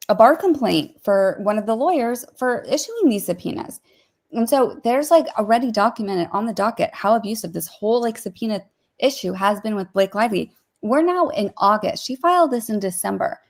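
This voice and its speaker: A woman co-hosting a casual livestream, talking through court filings in a rapid, opinionated way with many fillers. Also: on the high side, animated. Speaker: co-host discussing court filings.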